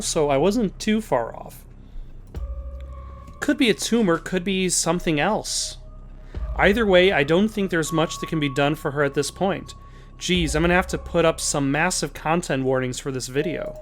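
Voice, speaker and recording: Man, let's play host, wry chatty asides, slightly high voice. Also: normal speed, soft background music. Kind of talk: reading a visual novel aloud with casual commentary.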